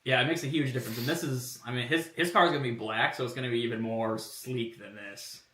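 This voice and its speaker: Bright-voiced man, roomy and off-mic. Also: mid-range voice, fast, recorded from a distance. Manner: relaxed, rambling, thinks aloud with fillers. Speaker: streamer showing car body kit designs. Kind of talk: casual live-stream commentary. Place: home workshop room.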